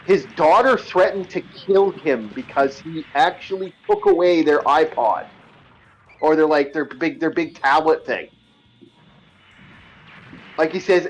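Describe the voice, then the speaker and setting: A man's voice: a little high, measured pace, pauses often, husky, lo-fi sound, soft background music. A man co-hosting a podcast in casual chat, telling rambling stories with lots of restarts and swearing. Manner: rambling storyteller, repeats and restarts, swears freely. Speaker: podcast co-host.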